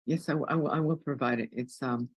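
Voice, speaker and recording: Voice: mid-range voice, steady tone, quick pace, slightly rough, no echo, dull audio. A wellness guest in an interview, upbeat and jokey, often restarting words.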